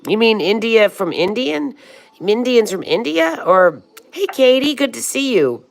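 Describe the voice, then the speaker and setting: A woman in her sixties hosts a casual livestream, reading comments and calling viewers honey and sweetheart, with the odd swear. Her fairly high, gravelly voice swings widely in pitch, and she takes her time.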